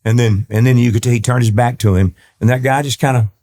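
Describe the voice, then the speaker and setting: A man's voice: medium pitch, steady tone, fairly quick, dark tone. A man from East Texas, a country singer and guest, telling long rambling anecdotes with many restarts and acting out the people he quotes. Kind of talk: storytelling interview talk.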